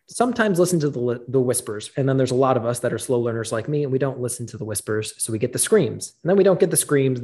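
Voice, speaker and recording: Young man in his twenties, mid-pitched, casual storyteller, goes quiet and low in heavy moments. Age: 20s. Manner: casual, many "like"s, drops to quiet low tones in the heavy parts. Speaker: speaker telling a personal story. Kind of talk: storytelling talk.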